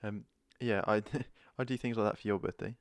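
A man co-hosting a casual podcast, bantering and teasing in relaxed chat. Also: lowish voice, a little fast, no room sound, clean studio sound. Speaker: podcast co-host. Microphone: headphones and podcast mic.

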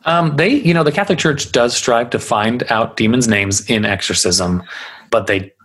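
A man's voice: medium pitch, normal speed, fairly bright tone, slightly rough, rough recording. A man hosting a podcast, recounting a haunting in a casual, rambling way. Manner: chatty, rambling with many fillers. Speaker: podcast host. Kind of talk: casual storytelling chat.

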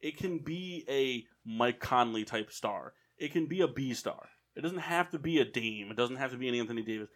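A man's voice: mid-range voice, animated, moderate pace, few pauses, fairly bright tone. A man co-hosting a casual sports podcast, arguing his opinions at length. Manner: opinionated, argues points at length. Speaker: podcast co-host.

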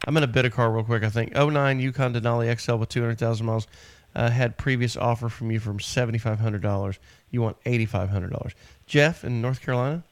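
Casting: a male radio host running a call-in show, mid-pitched voice, brisk and joking, always moving things along. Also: steady tone. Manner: brisk, joking, quick to move on.

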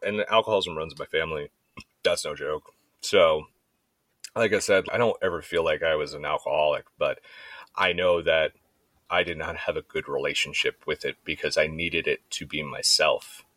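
A man's voice: a bass voice, steady tone, moderate pace, bright, forceful tone, no room sound. A man in his thirties chatting casually, telling candid stories with swearing and acting out what others said. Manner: candid, swearing storyteller who acts out quoted voices. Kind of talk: casual chat.

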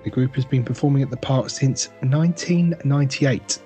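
A man's voice: mid-range voice, mellow. Brief: male co-host, casual and joking, faint music bed. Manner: casual, joking, halting restarts. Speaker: podcast co-host. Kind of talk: casual chat.

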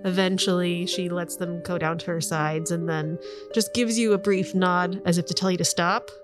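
A woman narrating a tabletop game as game master, upbeat and quick to laugh. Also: fairly low pitch, fairly even intonation, over music.

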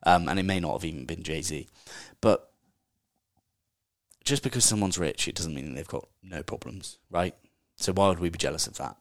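Very deep-voiced man, chatty. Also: normal speed, no room sound, clean studio sound. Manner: chatty, candid, swears casually. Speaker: podcast host. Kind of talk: casual solo podcast book review.

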